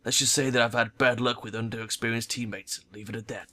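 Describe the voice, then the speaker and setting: A hard-nosed female troll veteran mercenary, as a man puts her on, speaking in curt, clipped, unsentimental lines. The voice is bright and sharp-edged, never softening. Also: mid-range voice, fairly even intonation, quick pace, close to an everyday voice. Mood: stern. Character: blunt stern female troll ex-soldier mercenary.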